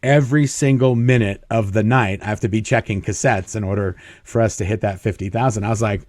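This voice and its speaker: A man's voice: fairly low pitch, fairly even intonation, a little fast, a little mellow, no room sound. Dry-voiced man telling stories. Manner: chuckles often, acts out quoted dialogue. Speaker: interview guest. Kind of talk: casual storytelling.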